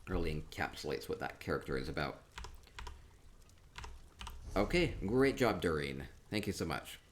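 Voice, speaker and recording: A man chatting casually through a tour of a game, upbeat and quick to repeat himself, with soft laughs between remarks. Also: low-pitched, sing-song, slight background noise. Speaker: gaming streamer touring player-built homes. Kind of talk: casual gameplay commentary.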